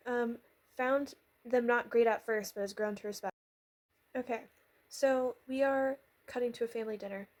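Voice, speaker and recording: A woman's voice: on the high side, darkish tone. A woman giving a casual, rambling recap, chatty and sarcastic, with lots of fillers, quoting characters in her own voice. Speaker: vlogger recapping a miniseries.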